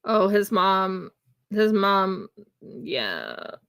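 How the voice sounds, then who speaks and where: Slow, bright-voiced woman telling a story. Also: mid-range voice, creaky, smooth. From United States. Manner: chatty, animated, acts out dialogue in her story. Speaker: craft livestream host. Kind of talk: casual storytelling while crafting. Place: home craft room.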